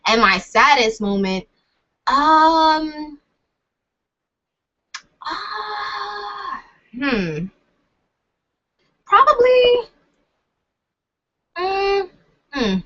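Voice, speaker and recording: A woman's voice: sits high, sing-song, drawn-out words, bright, forceful tone. A young woman vlogging in a casual chat, rambling and hesitant with many fillers and laughs. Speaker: vlogger answering questions. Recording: dull lo-fi sound.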